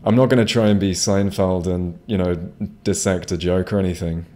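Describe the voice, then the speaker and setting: Low-voiced rambling gamer. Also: male voice, fairly quick, warm tone. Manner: rambling, profane, frequent restarts. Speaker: gamer streaming a playthrough. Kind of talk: casual gameplay commentary. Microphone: home streaming microphone.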